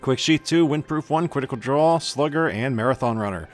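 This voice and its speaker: A man's voice: medium pitch, brisk, faint music behind. A man giving casual gameplay commentary as a channel host, chatty and self-mocking with grumbling asides.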